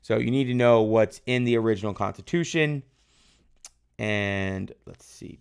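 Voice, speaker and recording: A man's voice: lowish voice, moderate pace, creaky, clean tone. A man teaching a live-streamed exam review lesson, loosely quizzing his viewers and praising their answers. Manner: loose, rambling, tag questions like "right?". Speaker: history teacher.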